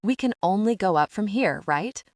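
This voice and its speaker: A woman with an expressive, slightly mellow mid-range voice close to an everyday one voices a playful, giggly young woman in a romance audiobook at normal speed. The recording is dry, with clean studio sound.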